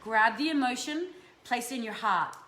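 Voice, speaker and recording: On a live stream, an Australian woman chats with viewers while giving energy readings, swearing freely in a casual, affectionate tone. Her voice is on the high side, expressive, a bit bright, and at normal speed, captured with roomy echo and faint background noise.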